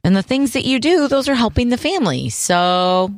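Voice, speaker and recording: A woman's voice: fairly high pitch, expressive, normal speed, no echo, studio quality. A woman co-hosting a casual chat show, playful and teasing, laughing often as she talks about her kids. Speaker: podcast co-host.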